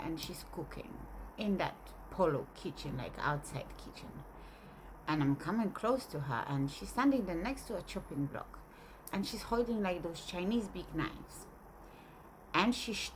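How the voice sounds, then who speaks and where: A woman's voice: on the low side, noisy background. A woman casually telling a long, rambling story with lots of fillers. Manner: rambling, animated, full of fillers.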